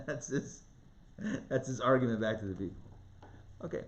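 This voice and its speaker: A man teaching a live Torah class, reading scripture aloud and acting out the voices in an animated, conversational way. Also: lowish voice, lo-fi sound. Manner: animated, dramatizes the text with rising voice and quick asides. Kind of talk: lively live online Torah lesson.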